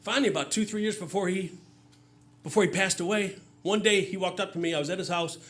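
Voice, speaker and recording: A man's voice: high-pitched, fast talker, fairly bright tone. A man telling a stand-up story on stage, loose and chatty, with fillers and audience laughter. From Michigan. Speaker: stand-up comedian.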